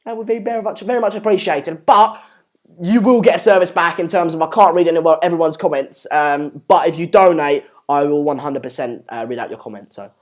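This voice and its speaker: A man's voice: on the high side, brisk. A man with an English accent hosting a live stream, chatting casually and reading out viewer comments in a rambling, jokey, self-deprecating way. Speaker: livestream host.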